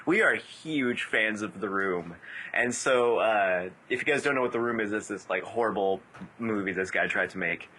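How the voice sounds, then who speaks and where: A man's voice: lowish voice, moderate pace, sharp tone. A man co-hosting a casual podcast over a Skype call, teasing the others with jokey, dry retorts. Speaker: podcast co-host.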